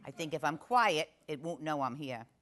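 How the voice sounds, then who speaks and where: A woman's voice: deep voice, expressive, normal speed, a bit bright. A woman playing a brash, chatty Italian-American aunt from northern New Jersey, telling a comic story in a confiding way with a New Jersey accent. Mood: gabbing. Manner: chatty, confiding, asks the audience questions.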